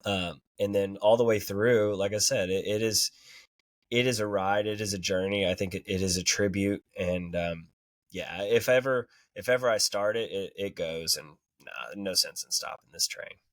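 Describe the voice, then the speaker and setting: A man co-hosting a podcast, talking about an album in a relaxed way, laughing often and tagging his points with "you know" and "right". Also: fairly low pitch, normal speed, no room sound. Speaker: podcast co-host. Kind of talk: casual music review chat.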